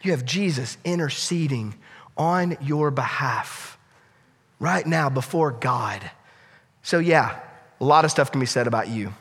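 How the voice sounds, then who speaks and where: A male pastor preaching a sermon with passion, swinging from loud appeals to hushed, quiet lines. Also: mid-range voice, lively intonation, a little slow, slightly rough, big-room sound.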